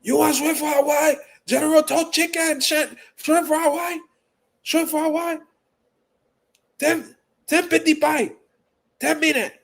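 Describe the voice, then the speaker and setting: A brusque takeout-counter woman barks orders down the phone in a high, shrill voice, firing clipped questions and repeating them impatiently, as a man acts her out. Her delivery is rushed and strained, pushed well above a normal speaking pitch. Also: fairly even intonation, gravelly, a bit bright, exaggerated voice. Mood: barking.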